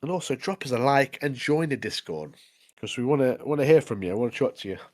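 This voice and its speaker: A man co-hosting a casual anime podcast, retelling scenes in an animated, chatty way. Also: medium pitch, fast talker. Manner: chatty, says "mate" constantly, animated retelling. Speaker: podcast co-host. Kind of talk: casual anime review chat.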